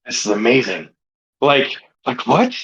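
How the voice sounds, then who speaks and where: A man's voice: mid-range voice, very animated, a little slow, gravelly, fairly bright tone, dull audio. A man co-hosting a comedy podcast, telling a rambling story in casual chat with lots of filler words. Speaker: podcast co-host.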